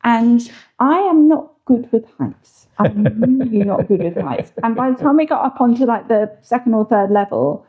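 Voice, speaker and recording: A woman's voice: fairly high pitch, animated, normal speed, few pauses, slightly rough, narrow, tinny audio. A woman, co-host of a home channel, chatting casually with lots of "like" and "sort of". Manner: chatty, filler-heavy, laughing easily. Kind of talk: casual chat.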